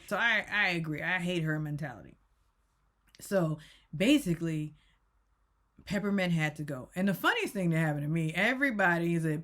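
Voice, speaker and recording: Woman reviewer with a slightly low voice, casual, rambling, self-correcting recap. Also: animated, moderate pace, a bit bright. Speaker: YouTube reviewer.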